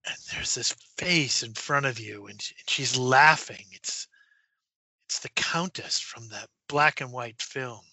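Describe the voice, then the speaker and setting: A man running a tabletop horror game as game master, narrating with halting fillers and dropping to a whisper for eerie moments. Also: mid-range voice, bright, forceful tone, no echo, highs cut off. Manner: halting, many fillers, drops to a whisper for spooky parts.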